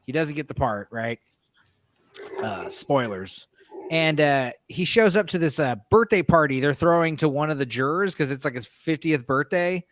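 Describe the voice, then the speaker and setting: Man, podcast co-host, high voice, very dry close sound, animated storyteller who swears freely. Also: moderate pace, dry recording. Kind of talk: casual chat.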